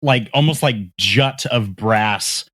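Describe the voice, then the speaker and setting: A man's voice: mid-range voice, slow pace, a bit bright. A man co-hosting a casual podcast, rambling with many fillers as he searches for words. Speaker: podcast co-host. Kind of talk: casual chat.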